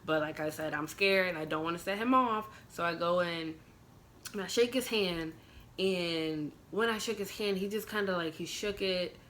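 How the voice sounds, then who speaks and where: A woman's voice: lowish voice, normal speed, fairly bright tone, slight background noise. A young woman vlogger telling a personal storytime in an emotional, casual way, full of "like" fillers. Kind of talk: storytime vlog.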